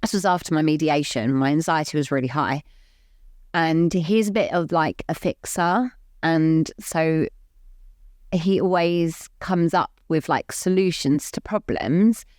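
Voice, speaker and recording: Speaking a little slowly in a low, darkish voice, this podcast co-host rambles openly and earnestly, saying "like" constantly in casual, candid talk. The sound is studio quality, free of echo.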